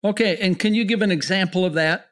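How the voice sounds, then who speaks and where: A man with a notably high voice hosts a podcast interview, asking short, curious questions in a friendly tone. He keeps his prompts brief and leaves room for his guest. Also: quick pace, a bit bright. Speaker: podcast host.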